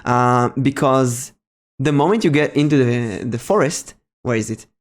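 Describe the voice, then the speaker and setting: A man's voice: mid-range voice, measured pace. A man narrating a tabletop role-playing game as game master, casual and often laughing.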